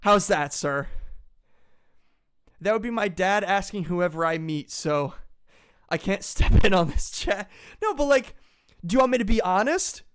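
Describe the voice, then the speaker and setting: A man's voice: high voice, moderate pace, smooth. A man in a casual comedic chat, ranting crudely and with lots of swearing. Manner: crude, profane, animated ranting. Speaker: podcast co-host.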